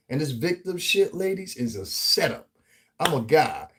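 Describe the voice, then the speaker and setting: Brief: husky male vlogger from the US Northeast, profane, animated, ranting commentary. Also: on the high side, moderate pace. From Northeastern United States. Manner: profane, animated, laughs often, acts out quotes. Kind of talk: casual commentary rant.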